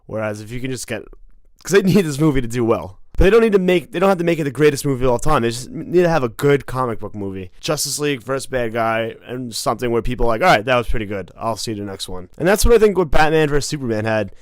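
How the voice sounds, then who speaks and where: A man's voice: medium pitch, expressive, quick pace, no room sound. A man co-hosting a casual movie chat, rambling and laughing easily. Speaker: co-host.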